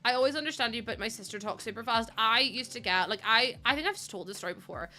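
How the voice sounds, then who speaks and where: A woman's voice: a little high, lively intonation, fast talker, sharp tone, soft background music. A young woman, chatting casually to viewers while live-streaming a building game, laughing often. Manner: chatty, laughs often, acts out quoted voices.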